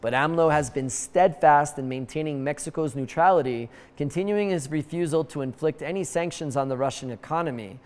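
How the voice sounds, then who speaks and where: A man's voice: a little high, darkish tone, big-room sound. A man hosting a comedic news show, reading the stories with wry, jokey asides. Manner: wry, jokey asides with quick put-on voices.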